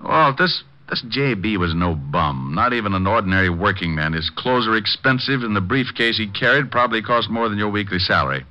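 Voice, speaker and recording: An actor playing a wisecracking male private detective in a 1940s radio drama, breezy and quick with a comeback. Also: lowish voice, animated, bright, forceful tone. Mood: wry. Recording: muffled old radio broadcast.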